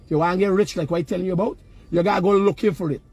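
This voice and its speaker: A high-pitched man with a Guyanese accent lectures emphatically in casual street talk. His voice has a husky edge. He speaks outdoors, sliding into Creole phrasing as he pushes his point. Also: fairly even intonation, very fast, a little mellow, dry recording. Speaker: vlogger. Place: outdoors near work sites.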